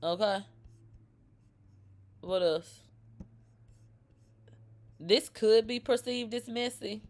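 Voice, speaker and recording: Slow-talking gossip lady on a livestream, swears a lot, drawls then shrieks. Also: on the high side. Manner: profane, animated, swings between drawl and shrieks. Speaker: celebrity gossip host. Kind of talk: livestream commentary reading comments.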